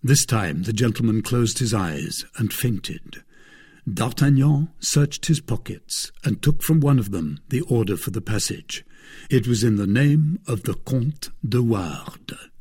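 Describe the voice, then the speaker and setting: A man narrating a classic adventure novel in a measured storytelling manner. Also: mid-range voice, expressive, darkish tone, breathy edge. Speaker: audiobook narrator.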